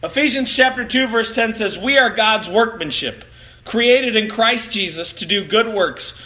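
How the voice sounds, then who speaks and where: A man's voice: high-pitched, animated, measured pace, sharp tone. A man preaching a sermon, telling playful stories and acting out quotes with big jumps in his voice. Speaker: pastor.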